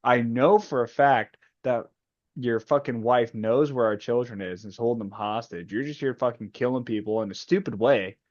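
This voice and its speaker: A man's voice: mid-range voice, normal speed, darkish tone, no echo, natural voice. A man voicing a furious woman leader who berates an ally in a profane rant, on a dull, dry lo-fi recording. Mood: angry ranting.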